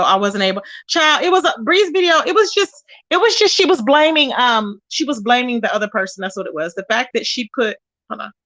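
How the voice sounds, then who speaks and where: Woman on a livestream going off on people, high voice, cussing nonstop, sassy, dry close sound. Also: a bit bright, no echo. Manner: profane, combative, scornful trash talk; drawn-out sassy asides to viewers. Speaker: livestream host. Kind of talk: ranting livestream commentary.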